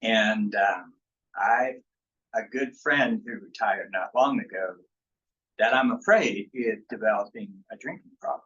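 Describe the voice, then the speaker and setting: A pastor leading a small group talk, with a lowish but bright, forward voice. He speaks in a relaxed way, with plenty of ums and little laughs. The recording sounds a bit dull and lo-fi. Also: unhurried. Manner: relaxed, chuckles often, many ums. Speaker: pastor leading a book study. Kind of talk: casual group discussion.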